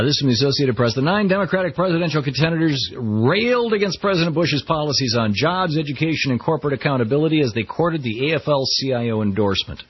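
A man's voice: mid-range voice, slightly rough, lo-fi sound. A middle-aged man hosting a radio talk show, giving wry, conversational commentary on the news. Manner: wry, conversational, quotes people in mock voices.

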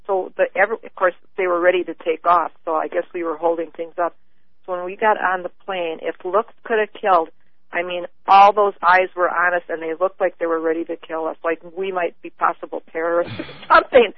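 A woman calling in to a radio show, telling her story earnestly in halting bursts with many restarts. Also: on the low side, little pitch movement, no echo. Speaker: caller. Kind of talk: call-in radio chat. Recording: tinny phone line.

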